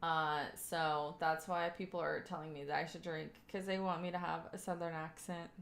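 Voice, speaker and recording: A woman's voice: deep voice, level tone, normal speed, vocal fry, fairly bright tone. A young woman from Kentucky, livestreaming and chatting with her viewers in a rambling way full of fillers. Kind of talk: casual stream chat, reading chat aloud. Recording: roomy echoey home room.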